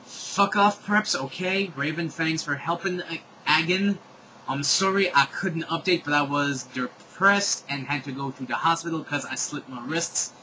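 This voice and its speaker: A man's voice: a little high, a little slow, noisy background, natural voice. A man reading out author's notes in the voice of a bratty, gushing teenage girl writer.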